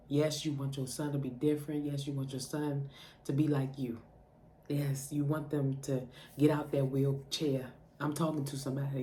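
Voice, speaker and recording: Woman preaching in a mellow voice. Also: deep voice, a little hiss or hum. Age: adult mother. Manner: preaching directly to the listener, repetitive urging. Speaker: faith vlogger giving encouragement. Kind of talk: impassioned spoken exhortation.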